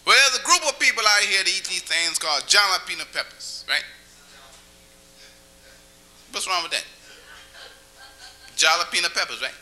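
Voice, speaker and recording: A man with a high, animated voice does stand-up in a small cafe, speaking at a moderate pace with long pauses and a sharp tone. He chats and teases the crowd with questions, sometimes slipping into a crooning song. The low-quality recording carries faint music behind him.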